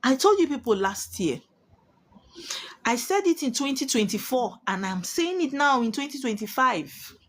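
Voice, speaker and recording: Emphatic woman with a high, lively voice. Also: normal speed. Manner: emphatic, preachy, repeats warnings. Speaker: spiritualist giving warnings. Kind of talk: prophetic monologue to viewers.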